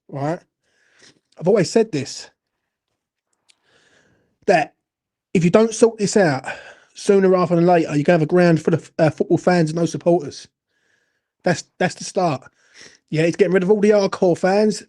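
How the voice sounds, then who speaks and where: Angry high-voiced football fan. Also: male voice, brisk, a little mellow. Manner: angry, emotional, sweary, repetitive. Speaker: fan channel host. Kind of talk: impassioned fan rant.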